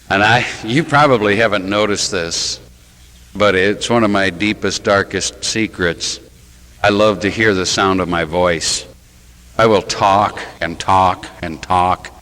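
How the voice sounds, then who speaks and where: A man's voice: fairly low pitch, a bit bright, rough recording. A man who is a Catholic priest, preaching a sermon in a church with rhetorical questions and wry, self-mocking asides.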